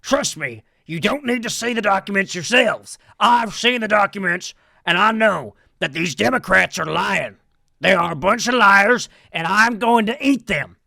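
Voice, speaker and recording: A bombastic, paranoid middle-aged talk-show host bellows and rants in a gravelly, crackling voice that swings wildly up and down. His tone is sharp and forceful, pitched high for a man, and the recording is close and dry. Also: animated, normal speed, dry recording, exaggerated voice. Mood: impassioned. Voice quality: gravelly, shouting.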